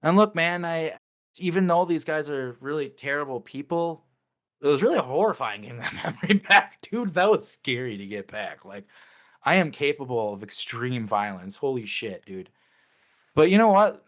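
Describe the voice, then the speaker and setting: A man's voice: fairly high pitch, animated, normal speed, a bit bright. A man talking as an interview guest, recounting memories casually but intensely and swearing freely.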